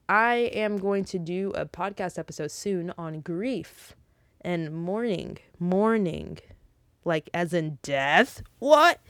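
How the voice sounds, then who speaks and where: A young woman with a fairly low voice talks through her faith in a loose, rambling way. She preaches a little and drops in joking asides. The sound is close and dry. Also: no echo. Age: young adult. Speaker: Christian vlogger. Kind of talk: casual faith talk with spoken prayer.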